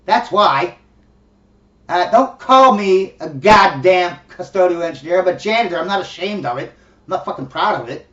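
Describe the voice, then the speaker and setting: A man's voice: high-pitched, expressive, normal speed, a bit bright. A middle-aged man talking bluntly and profanely in a casual ranting monologue, laughing between his points. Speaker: commentary host. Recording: echoey, distant, dull lo-fi room recording.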